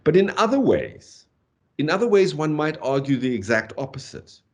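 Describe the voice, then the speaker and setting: A man giving a university lecture on poetry, animated, tapping out rhythms aloud and saying "okay" often. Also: a little high, moderate pace. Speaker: literature lecturer.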